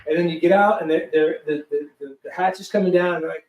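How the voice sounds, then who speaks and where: A man guest telling a story in a casual, animated way, acting out quotes and swearing freely. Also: a little high, fast talker. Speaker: guest, film producer. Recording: roomy sound from a distant mic.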